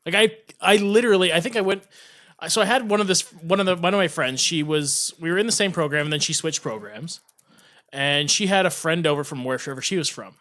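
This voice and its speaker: A man's voice: on the high side, a little fast, fairly bright tone. A young man, telling rambling stories on a casual podcast, laughing often and restarting his sentences. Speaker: guest, show producer.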